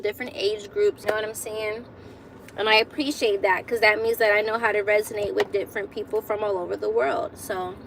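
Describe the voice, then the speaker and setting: Bright-voiced chatty young woman on a phone live. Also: a little high, slight background noise. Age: 20s. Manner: chatty, laughs often, repeats phrases. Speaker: vlogger hosting a live stream. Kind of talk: casual live-stream chat with viewers.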